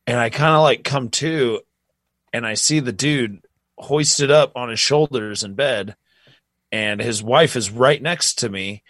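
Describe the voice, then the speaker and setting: A young man in casual podcast chat, rambling through a tour story in a loose, easygoing way. His voice sits at an ordinary middle pitch. The sound is close and dry, with no room around it. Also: a little slow, a bit bright, no room sound. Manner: laid-back, rambling with many fillers. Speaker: podcast co-host.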